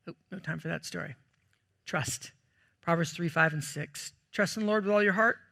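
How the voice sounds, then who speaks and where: A man preaching a sermon as pastor, telling stories in a jokey, animated way with sudden loud bursts. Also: on the high side, moderate pace, gravelly.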